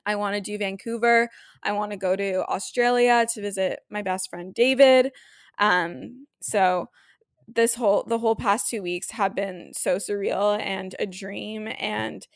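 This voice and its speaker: A woman's voice: medium pitch, steady tone, unhurried, creaky, no room sound. A young woman from Canada hosting a casual solo podcast, emotional and close to tears, gushing with lots of "like" and "um". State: teary, near crying. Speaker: podcast host.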